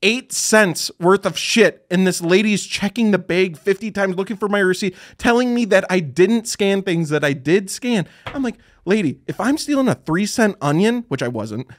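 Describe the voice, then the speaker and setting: A man's voice: sits high, expressive, normal speed, hardly any pauses. Profane ranting young man. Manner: ranting, profane, laughing at himself. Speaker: podcast co-host. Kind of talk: casual chat.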